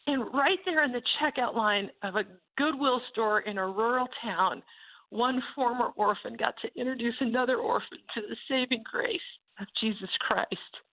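A woman who runs a ranch ministry, telling a faith testimony in an animated way and acting out the voices of the people in her story. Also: on the high side, moderate pace. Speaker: ranch ministry leader and speaker. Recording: tinny phone-like sound.

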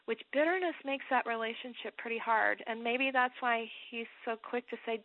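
A woman's voice: fairly high pitch, dry recording. Woman guest on a tinny phone line. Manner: animated, reflective, quick bursts with laughs. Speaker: author and guest. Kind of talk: Bible teaching in an interview.

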